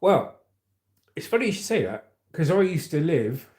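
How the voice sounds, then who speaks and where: A man's voice: fairly high pitch, big pitch swings, normal speed, a little mellow. A man hosting a casual livestream, chatting in a rambling way and reading out viewer comments. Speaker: livestream host.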